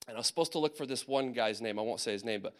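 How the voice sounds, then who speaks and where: A man's voice: mid-range voice, racing. Man telling his army story. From Indiana, USA. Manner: animated storytelling with many fillers and acted asides. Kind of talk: personal testimony talk.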